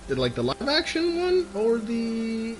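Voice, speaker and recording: Lively, excitable man with faint music behind. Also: very high-pitched, a little slow, poor audio. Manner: excitable, playful, with gasps and laughs. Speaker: co-host. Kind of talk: casual gaming chat.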